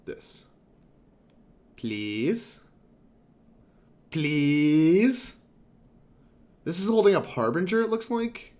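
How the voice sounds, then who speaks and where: A man's voice: sits high, very animated, brisk, hardly any pauses, darkish tone. A young man streaming a card game, chatting and rambling to his chat in a casual, laughing way. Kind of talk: casual gameplay commentary to chat.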